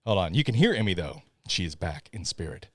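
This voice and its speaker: Deep-voiced Southern man hosting a stream. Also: sing-song, a little fast, no room sound, studio quality. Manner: chatty, apologetic, laughs often. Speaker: podcast host. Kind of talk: casual live-stream chat.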